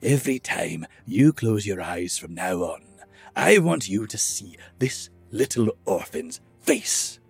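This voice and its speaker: A man's voice: lowish voice, big pitch swings, slow pace, gravelly, husky, no room sound, faint music behind, exaggerated voice. A man doing a bitter, hissing old dwarf.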